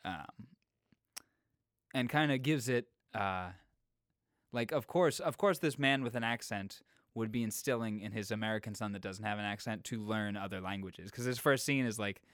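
A man's voice: lowish voice, normal speed, a bit bright, dry recording. Chatty man listing old films, dry sound. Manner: chatty, reads out film lists, musing asides. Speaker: podcast co-host. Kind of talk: casual chat.

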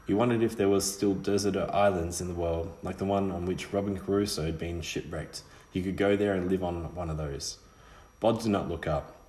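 A man reading a novel aloud in a measured, steady way, with small slips. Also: deep voice, reverberant. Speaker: narrator. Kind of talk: audiobook reading.

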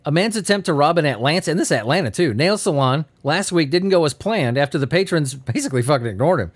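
A man's voice: fairly high pitch, expressive, fast talker. A man hosting a podcast, reading odd news stories in a giddy, sleepy, laughing way and swearing freely. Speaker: podcast host. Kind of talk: casual comedic news commentary.

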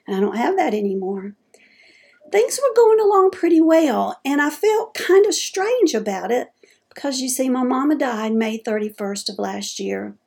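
A middle-aged woman talks through a personal, faith-based reflection in an earnest, homespun way. Her voice sits a little high and carries a gravelly fry. She tells her story as a dementia advocate would, with plain folksy turns of phrase. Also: a little mellow.

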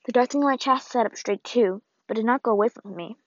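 Expressive woman narrating a storybook. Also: a little high, quick pace, no room sound. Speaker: audiobook narrator. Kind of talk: first-person storybook narration. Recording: dull, lo-fi dry read.

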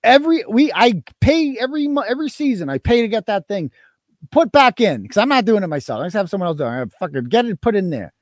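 A man's voice: high voice, sing-song, quick pace, no echo, clean studio sound. A man hosting a live stream, talking in a casual, profane, mocking and rambling way. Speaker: host.

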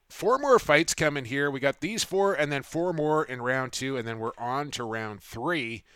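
A man's voice: medium pitch, normal speed, hardly any pauses, fairly bright tone, smooth, no room sound, studio quality. A middle-aged man hosting a sports podcast, with upbeat, punchy segment intros and casual banter. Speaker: podcast host.

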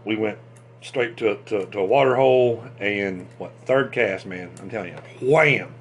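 A man hosting a fishing channel, chatting casually and excitably about tackle, with lots of restarts and fillers. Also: on the low side, moderate pace, over music.

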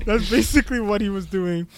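Brief: high-pitched guy, anime podcast co-host, jokey recap voice. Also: lively intonation, normal speed, heavy background noise. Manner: laughing, recaps plot with mock voices. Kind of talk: casual chat.

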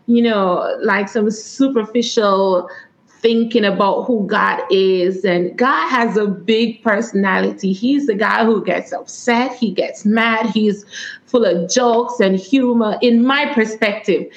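A woman with a Jamaican accent answering interview questions as a guest author and coach, earnest and quick to laugh. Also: mid-range voice. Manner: earnest, testimonial, laughs often. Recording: echoey, dull lo-fi room sound.

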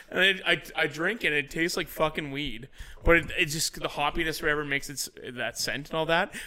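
A man in his thirties telling animated stories in casual podcast chat, swearing and laughing as he goes. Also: a little high, fast talker. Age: 30s. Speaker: podcast host.

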